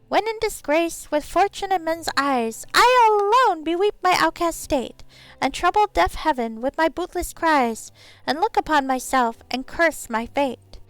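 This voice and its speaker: A woman's voice: very high voice, a bit bright, no echo, voice pushed up, rough recording. A woman voicing a tiny female pixie with a sing-song, theatrical delivery.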